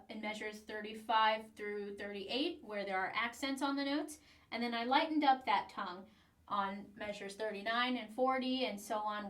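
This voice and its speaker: A woman with a fairly high voice explains trombone practice one step at a time, sometimes singing a rhythm on single syllables. She sits a little back from the mic in an echoey room. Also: a bit bright, far from the mic. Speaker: trombone teacher. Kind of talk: instructional demonstration.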